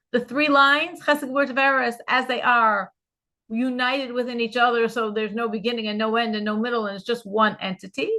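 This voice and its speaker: Bright-voiced woman teaching a Chassidic class. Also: a little high. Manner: earnest, explanatory, repeats key terms. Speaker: Torah teacher.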